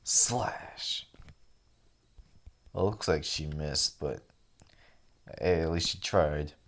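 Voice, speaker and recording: A man's voice: a bass voice, fairly even intonation, unhurried, fairly bright tone. A man casually reading and reacting to a webcomic with wry commentary. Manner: conversational, wry. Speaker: webcomic reader and reviewer.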